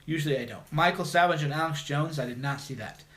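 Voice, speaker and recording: A man's voice: a little high, quick pace, fairly bright tone. A man hosting a call-in livestream, talking bluntly and mocking his critics in a combative monologue. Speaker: livestream host.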